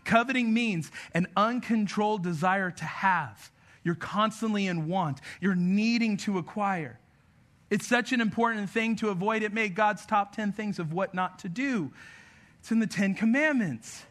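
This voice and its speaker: Young male pastor, very high and sharp voice, lively sermon with joking asides. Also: a little slow. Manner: energetic, joking asides about his kids. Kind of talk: conversational sermon.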